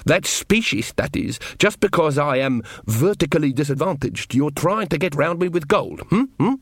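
A man's voice: a little high, big pitch swings, moderate pace, dry recording, clean studio sound. A man voicing a small male dwarf, a nervous ladies' man who turns sarcastic and defensive. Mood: touchy, nervous.

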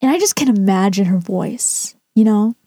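A woman's voice: medium pitch, expressive, moderate pace, background noise. A woman rating and reacting to stories in casual commentary, blunt and sarcastic with frequent swearing. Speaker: storytime reactor.

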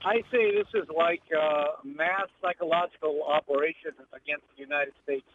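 A man's voice: on the high side, moderate pace, faint music behind. Agitated ranting male caller on a phone line. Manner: agitated, ranting, stammering restarts. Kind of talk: phone-in call. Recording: tinny phone line with faint noise.

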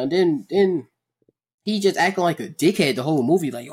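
A young man casually chatting on a podcast, animated and profane, acting out characters between laughs. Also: fairly high pitch, a little fast, slightly rough. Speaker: podcast host.

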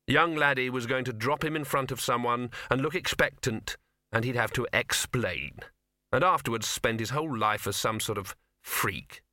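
A man's voice: mid-range voice, normal speed, pushed and bright, no echo. A man narrating a comic fantasy audiobook in a dry storytelling manner. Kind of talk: scripted narration.

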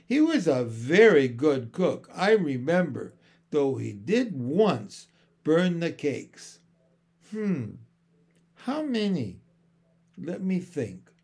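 A man voicing a tiny, ancient shopkeeper woman with a high, shrill little voice, bossy to her daughters and sly with guests. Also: sing-song, slow pace, a little mellow, slightly rough, full character voice. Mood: coaxing. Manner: switches between scolding and sugary coaxing.

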